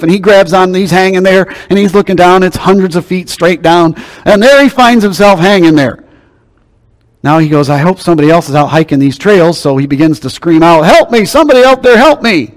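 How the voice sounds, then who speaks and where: High-voiced preacher in a big hall. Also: male voice. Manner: folksy storytelling, swings from soft low asides to loud high outbursts. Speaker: pastor. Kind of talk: sermon.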